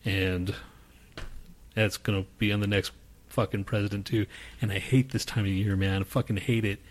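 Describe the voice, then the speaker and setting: Low-voiced guy on a podcast, grumbly and cussing a lot, jaded vibe. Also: fairly even intonation, normal speed. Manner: profane, grumbling, jaded rants. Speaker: podcast co-host. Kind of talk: casual chat.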